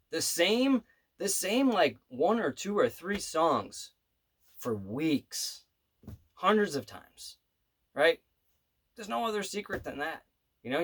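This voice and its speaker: A man who plays bass tells a story in a casual vlog from his home studio. He speaks earnestly and rambles, with many asides. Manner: rambling and earnest, full of "you know" and "right". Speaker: bass player and manifestation coach.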